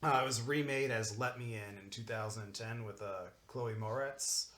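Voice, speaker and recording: A man of mid pitch talking things through at length on a casual podcast, looping with "like" and "it's one of those things". His voice rings a little in an echoey room. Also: steady tone, moderate pace, fairly bright tone. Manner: rambling, explains at length with lots of "like". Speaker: podcast co-host. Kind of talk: casual group chat. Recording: roomy echo.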